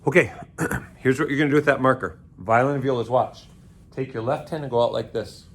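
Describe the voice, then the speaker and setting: In a school orchestra room, a man guides children through a string lesson, coaching them playfully with sing-song call-and-response chants and silly jokes. His pitch is an ordinary middle range, and he talks briskly in a slightly bright voice with a breathy edge.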